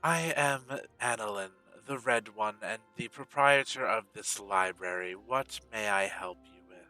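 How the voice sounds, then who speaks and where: A haughty high elf librarian woman, as a man puts her on, speaks in a lofty, formal way. The tone is very bright, and she takes her time over each word. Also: a little slow, soft background music, low-quality recording. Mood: stately. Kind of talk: tabletop role-play voicing.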